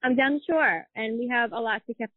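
A woman's voice: on the high side, brisk, no room sound, narrow, tinny audio, soft background music. A woman in her thirties co-hosting a podcast, chatting casually and swearing as she tells gossip stories. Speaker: podcast co-host.

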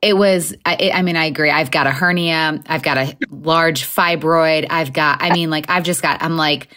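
Woman podcast host, low voice; casual, rambling, lots of restarts. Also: steady tone, normal speed, bright, forceful tone. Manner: chatty, rambling with many restarts. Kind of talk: casual chat.

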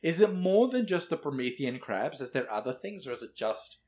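A woman's voice: very deep voice, big pitch swings, a little fast, a little mellow. A woman playing a tabletop game, pushing with questions and swearing. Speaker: player. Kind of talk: casual chat.

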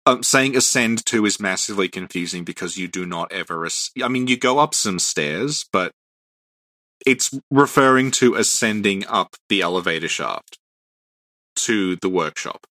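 A man's voice: fairly low pitch, moderate pace, pushed and bright, dry recording. A man co-hosting a podcast, explaining game lore patiently in casual chat and laughing often. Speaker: podcast co-host.

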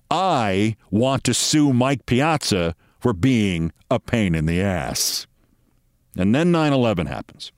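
A man's voice: mid-range voice, no echo. Wry male storyteller, dry close sound. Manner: wry storyteller, acting out quoted voices. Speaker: host telling a personal story. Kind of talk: storytelling monologue.

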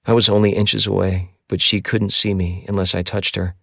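A man reading a first-person novel aloud in a measured, somber audiobook narration. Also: sits low, flat delivery, gravelly, sharp tone, no echo, studio quality.

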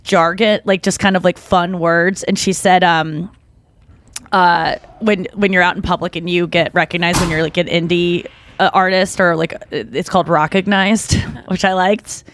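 A woman's voice: fairly low pitch, fairly even intonation, normal speed, a bit bright, a little hiss or hum. Frank, rambling woman podcast co-host. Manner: frank, rambling, peppered with "like" and swearing. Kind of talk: casual chat.

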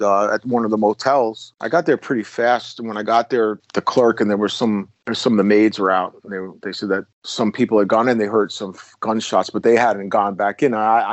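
A man's voice: on the low side, dry recording, poor audio. A middle-aged man, a former police officer, telling stories as a guest in a casual conversation. He rambles, restarts his sentences and corrects himself as he goes.

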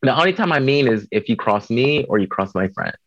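A man's voice: mid-range voice, very animated, fairly quick, a bit bright, no room sound, muffled recording. A man from Chicago, a drag performer chatting as an interview guest, blunt, profane and joking. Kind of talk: casual interview chat.

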